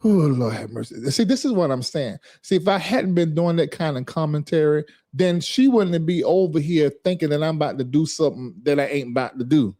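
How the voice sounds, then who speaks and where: A man's voice: fairly high pitch, brisk, hardly any pauses, warm tone. A man, talking casually on a livestream. He reads viewer comments aloud and scolds a commenter with sass and a drawling rhythm. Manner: sassy, scolding, reading chat aloud. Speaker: livestream host.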